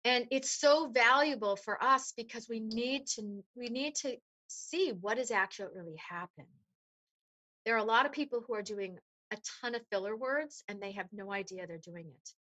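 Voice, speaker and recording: A woman voice coach explaining voice resonance in an animated, demonstrative way during an interview. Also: a little high, normal speed. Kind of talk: interview conversation.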